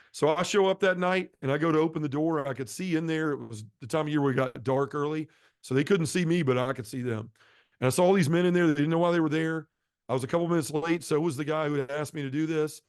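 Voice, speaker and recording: A man's voice: dry recording, studio quality. Impassioned middle-aged man giving testimony. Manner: earnest and impassioned, shifting pitch and volume. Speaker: guest sharing a conversion testimony. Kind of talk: emotional testimony storytelling.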